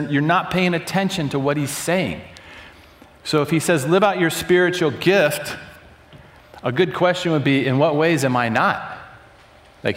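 A man leading an interactive church teaching session, questioning the audience, repeating their answers and leading prayer. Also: a little high. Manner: conversational, asks the room questions, repeats answers back. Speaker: church workshop leader. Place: large hall with audience and box seats. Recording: echoey hall.

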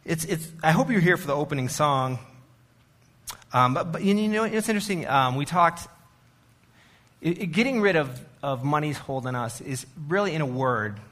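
A man's voice: fairly high pitch, normal speed, a bit bright. A man, the church's arts director, giving a casual sermon talk in a chatty, self-deprecating way with many fillers and restarts.

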